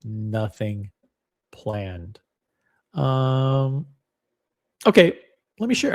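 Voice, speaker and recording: A man's voice: mid-range voice, expressive, unhurried, long pauses. A man hosting a casual livestream, rambling and joking at his own expense as he chats to viewers. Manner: rambling, joking, self-deprecating. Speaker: livestream host.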